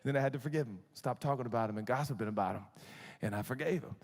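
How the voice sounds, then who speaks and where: A man in his forties preaching a sermon as pastor, animated and joking in a conversational way. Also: mid-range voice, racing. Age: 40s. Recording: long hall reverb.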